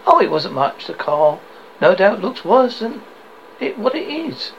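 A man's voice: fairly high pitch, big pitch swings, moderate pace, creaky, lo-fi sound, a little hiss or hum. A man reading the lines of a worried young man who plays his troubles down, in a storybook reading. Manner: plays things down.

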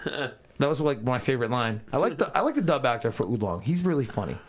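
Brief: man, podcast co-host, crude and jokey, casual recap chat, middle pitch. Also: sing-song. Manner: crude, jokey, acts out characters in quick asides.

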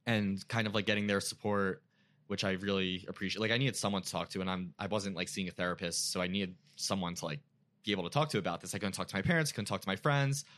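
Bright-voiced young man telling a personal story. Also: sits low, fast. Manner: emotional, frequent "like" fillers. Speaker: guest.

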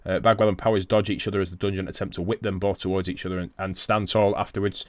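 Laid-back man recapping, low voice. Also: little pitch movement, fast talker, no echo, clean studio sound. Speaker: podcast co-host. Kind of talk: casual wrestling recap chat.

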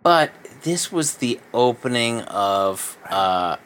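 A laid-back man co-hosts a casual podcast in a mid-pitched voice, with laughing asides. Faint noise sits behind him. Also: lively intonation, slow pace, fairly bright tone. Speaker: podcast co-host. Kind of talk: casual chat.

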